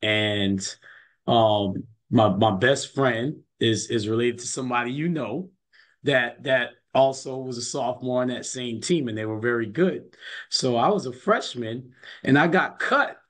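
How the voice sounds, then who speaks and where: A man's voice: mid-range voice, unhurried, a bit bright. A man who coaches basketball, telling stories in a casual interview, earnest and often repeating his words as he goes.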